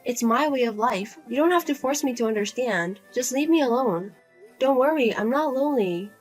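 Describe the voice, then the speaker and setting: A woman's voice: on the high side, normal speed, faint music behind, lightly acted. A woman voicing Lizzie, a cold, blunt daughter. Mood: firm. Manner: flat, firm, cold and blunt. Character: Lizzie, grown daughter, cool, blunt, fed up. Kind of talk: narrated drama story.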